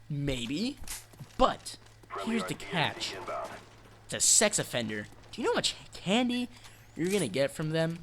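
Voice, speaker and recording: Brief: male vlogger, slightly high voice, rambling dark-joke delivery, noisy track with clicks and gunfire. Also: sing-song, measured pace. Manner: rambling, dark-joking, self-interrupting. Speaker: channel host. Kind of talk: joking rambling vlog.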